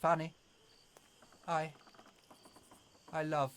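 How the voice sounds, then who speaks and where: A man's voice: mid-range voice, sing-song, moderate pace, pushed and bright, breathy edge, heavily acted. A man voicing a lovesick man turned into a wolf-like beast, speaking with yearning strain.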